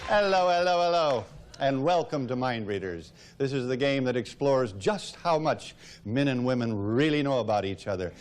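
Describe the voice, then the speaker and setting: A man hosting a game show, jovial and quick with jokes, in a 1970s TV studio with an audience. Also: mid-range voice, lively intonation, a little hiss or hum.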